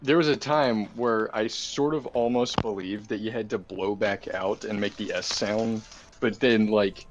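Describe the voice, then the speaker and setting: A man's voice: fairly low pitch, steady tone, a little slow, muffled recording. A man in casual let's-play chat, telling stories and swearing offhandedly while his friend plays. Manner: laid-back, swears, tells stories. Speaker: co-host watching a game.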